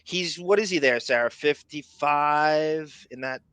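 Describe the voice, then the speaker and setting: A man's voice: a little high, a little slow, clear, resonant tone, no room sound. A man co-hosting a podcast in a casual, rambling chat, often cutting himself off mid-thought. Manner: excitable, rambling, self-interrupting. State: raspy. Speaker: podcast co-host.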